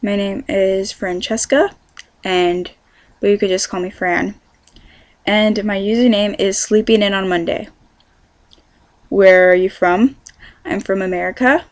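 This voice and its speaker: A woman's voice: mid-range voice, steady tone, unhurried, long pauses, dry recording. A teenage girl from California, chatting casually through a question-and-answer vlog, rambling with lots of ums. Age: teens. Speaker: vlogger.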